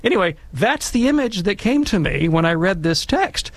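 A man talking casually and emphatically, telling stories and giving commentary in an animated, conversational way. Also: high voice, moderate pace, dry recording.

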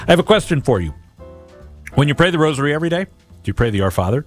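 A man's voice: fairly high pitch, very animated, racing, long pauses, soft background music. A man hosting a daily gospel reflection, talking earnestly and directly to his listeners and often repeating words as he goes.

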